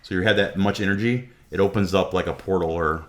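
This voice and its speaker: A man's voice: low-pitched, fairly even intonation, quick pace, fairly bright tone. A man talking as a podcast guest, explaining at length in a loose, rambling way full of fillers. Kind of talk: casual podcast chat.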